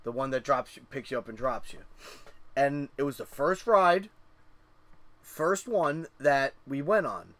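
A man's voice: medium pitch, unhurried, a bit bright, dry recording. A middle-aged man co-hosting a casual chat, rambling through profane stories with lots of fillers.

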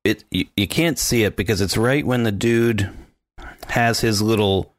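A man co-hosting a podcast in casual chat, animated and mimicking sounds as he describes scenes. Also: lowish voice, unhurried, no echo. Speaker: podcast co-host.

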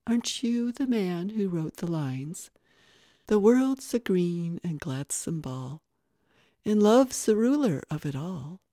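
Reader doing a firm, sarcastic female ghost, mellow tone, storybook. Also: mid-range voice, dry recording, studio quality. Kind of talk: audiobook reading.

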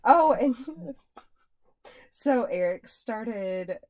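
Animated young woman telling family stories. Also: on the high side, extremely slow. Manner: animated storytelling, laughs often. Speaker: podcast co-host, mother. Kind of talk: casual chat.

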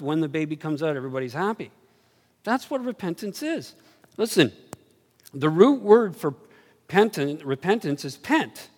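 A man preaching a sermon, telling stories animatedly and swinging from low murmurs to excited highs. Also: slightly rough. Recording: reverberant hall.

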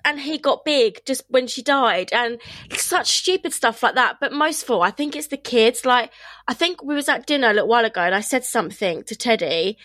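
A woman's voice: a little high, expressive, brisk, a bit bright, no room sound. A woman, chatting candidly and emotionally on a podcast, often laughing and restarting her sentences. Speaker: podcast host. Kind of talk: casual chat.

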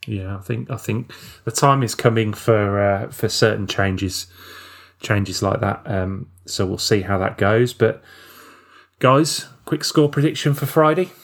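Man, podcast host, casual chat, hesitant, lots of ums, slightly low pitch. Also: steady tone, a little slow, gravelly. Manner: hesitant, says um often.

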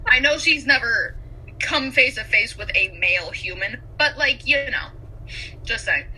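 A young woman in casual conversation with a high, very bright and sharp voice. She is enthusiastic and laughs easily as she talks. Faint ambience hums underneath. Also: animated, unhurried, a little hiss or hum, rough recording. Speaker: podcast co-host. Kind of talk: casual chat.

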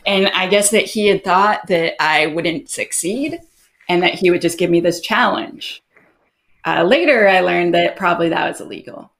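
A woman guest in an interview, telling stories in a lively way, acting out quoted exchanges with big jumps in her voice and frequent laughs. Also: fairly low pitch, moderate pace, creaky. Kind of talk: casual interview chat.

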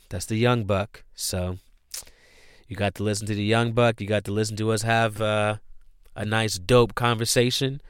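Man, podcast host, casual slangy talk, lowish voice, dry close mic. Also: fairly bright tone, smooth, dry recording. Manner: laid-back, slangy, rambling with many restarts. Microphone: podcast microphone.

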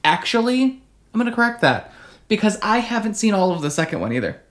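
A woman's voice: mid-range voice, big pitch swings, a little fast. A woman co-hosting a podcast, chatting enthusiastically about movies with emphatic agreement. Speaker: podcast co-host. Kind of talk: casual movie chat.

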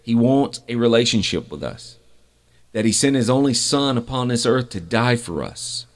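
A middle-aged man hosting a podcast, telling a faith story from his fire service days in an earnest, unhurried way. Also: medium pitch, animated. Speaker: podcast host. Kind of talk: faith testimony, podcast monologue.

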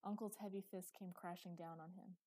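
A woman reading scripted fantasy narration in a steady, measured way. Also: fairly low pitch, rough recording. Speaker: audiobook narrator.

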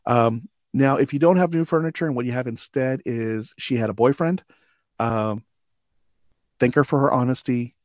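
A man in his forties, a veteran guest on an interview show, tells lively anecdotes and acts out the dialogue with frequent chuckles. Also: mid-range voice, normal speed, no echo, studio quality. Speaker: podcast guest, army veteran. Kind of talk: storytelling interview.

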